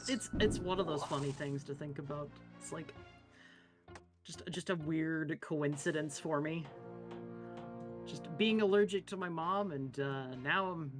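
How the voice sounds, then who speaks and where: A woman with a notably low voice talks bluntly while she plays, swearing offhand and narrating her moves. Music sits clearly in the background. Her tone stays loose and casual. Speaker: co-player guest. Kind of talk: casual chat while gaming.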